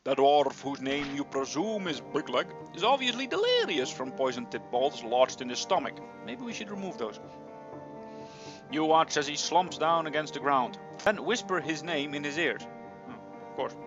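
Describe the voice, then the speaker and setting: A man's voice: a little high, normal speed, music in the background. A young man reading a fantasy gamebook aloud, playfully breaking in with joking asides, on a slightly dull recording. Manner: playful, animated, breaks in with jokey comments. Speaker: reader of a gamebook.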